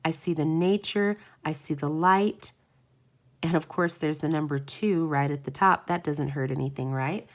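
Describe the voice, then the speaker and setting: A woman's voice: low-pitched, moderate pace. Effusive woman reading oracle cards. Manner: effusive, encouraging, with exclamations and laughs. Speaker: oracle card reader. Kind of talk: live stream card reading.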